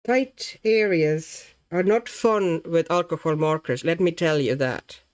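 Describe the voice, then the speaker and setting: A woman from Latvia talking through a relaxed colouring livestream. She chats with viewers, reads their comments aloud, and muses about her work as she goes. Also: low voice, unhurried. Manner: chatty and easily amused, reading out comments while working. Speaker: livestream host colouring while chatting. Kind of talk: casual livestream chat.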